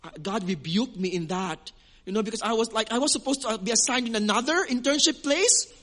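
Filipino male pastor, high voice, earnest sermon delivery with halting repeats. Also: a bit bright. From Western Visayas, Philippines. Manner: earnest, repeats words while searching for phrasing.

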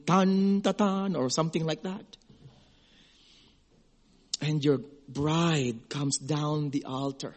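A middle-aged man preaching a sermon in an earnest, emotional way, at times hushed and at times high and excited. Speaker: pastor.

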